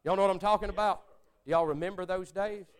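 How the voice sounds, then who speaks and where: A preacher delivering a sermon, swinging between loud exclamations and hushed prayer-like speech. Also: male voice, sits high, steady tone, quick pace, smooth.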